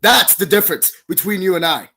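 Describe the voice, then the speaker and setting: A man, a professional wrestler, cutting a heated in-character promo in an accusatory, shouting manner. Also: high-pitched, expressive, fairly quick, gravelly.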